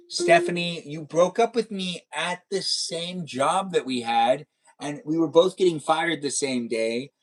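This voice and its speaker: Playful man chatting on a live stream. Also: fairly high pitch. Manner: playful, silly, teasing. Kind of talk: casual live stream chat reading comments.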